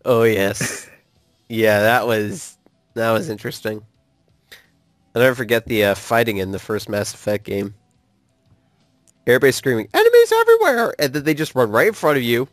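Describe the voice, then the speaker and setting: Excitable man ranting, swearing and laughing. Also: mid-range voice, moderate pace, pauses often, no echo, clean studio sound, faint music behind. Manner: animated, swears freely, laughs often. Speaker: co-host of a gaming channel. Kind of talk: casual ranting chat with a friend.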